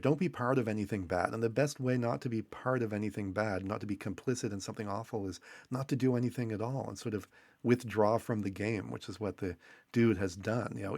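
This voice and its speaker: Man, philosophy professor, lowish voice, dry close sound, fluent explainer. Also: brisk, darkish tone, no room sound. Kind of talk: casual academic podcast discussion.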